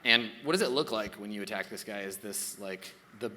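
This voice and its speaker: A man running a live improvised tabletop game as game master, narrating in a chatty, halting way on a convention stage. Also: lowish voice, pushed and bright. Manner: chatty, halting, many fillers and restarts. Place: stage at a large convention hall. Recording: live hall reverb, faint crowd ambience.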